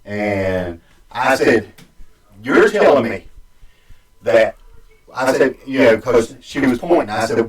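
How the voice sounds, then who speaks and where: A man spins a long story in a casual, rambling way. He stops and restarts often, and his voice rings around a roomy space, heard from some way off the mic. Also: mid-range voice. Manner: rambling, halting, with many restarts and fillers. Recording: echoey room, distant mic.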